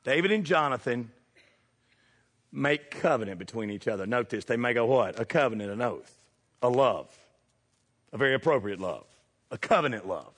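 A middle-aged man preaching a sermon, animated and throwing questions at the congregation. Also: mid-range voice, normal speed, long pauses, breathy edge, big-room sound. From United States.

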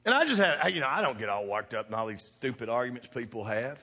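A man preaching a sermon, folksy and conversational, swinging from quiet asides to shouted points. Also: medium pitch, expressive, fast. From American farm country. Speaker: pastor. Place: church sanctuary. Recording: reverberant hall.

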